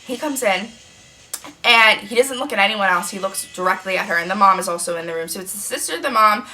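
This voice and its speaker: Chatty young woman with a bright voice. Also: mid-range voice, fairly quick. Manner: chatty, profane, animated storytelling. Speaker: freelance makeup artist. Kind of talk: casual storytime while doing makeup.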